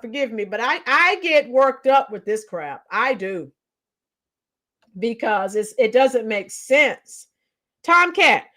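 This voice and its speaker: A woman with a high, bright voice rants live on her stream, giving blunt, opinionated commentary. She's animated, laughs a lot, and reads her chat aloud, answering viewers by name.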